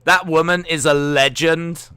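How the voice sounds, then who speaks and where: A man hosting a live football watch-along, reading out viewer comments and reacting with loud excitement to the play. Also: fairly high pitch, measured pace, smooth, dry recording. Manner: reads viewer comments, excitable shouting at goals.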